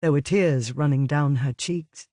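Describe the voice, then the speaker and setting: A man reading an audiobook in a measured, even way. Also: on the high side, no room sound, clean studio sound. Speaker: audiobook narrator. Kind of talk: scripted narration.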